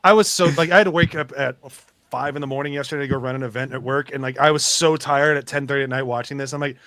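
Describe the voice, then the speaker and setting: A man hosting a podcast in casual chat, animated and leaning on lots of "like" as he retells scenes. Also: medium pitch, fast talker, no echo. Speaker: podcast host.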